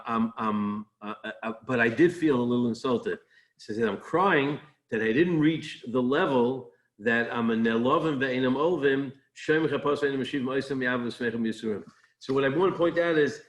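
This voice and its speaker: A rabbi in a mid-pitched voice gives a brief daily sermon in a conversational tone. He restarts phrases often and lifts his voice when he drives a point home. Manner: conversational, rising with emphasis, many restarts.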